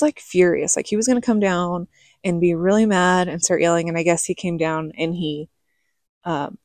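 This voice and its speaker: A middle-aged woman talks straight to her viewers in a frank, chatty way, often pausing to ask "okay?" Her voice sits on the low side. The recording is dry and close, with no room sound. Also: a little mellow, dry recording. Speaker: vlogger telling her life story. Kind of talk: casual storytelling to camera.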